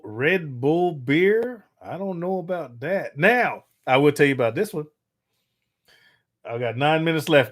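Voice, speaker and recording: Middle-aged male livestream host with a slightly high voice. Casual, crude, quick to laugh, reads chat aloud. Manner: loose and joking, crude humor, laughs often; reads viewer comments aloud and answers them.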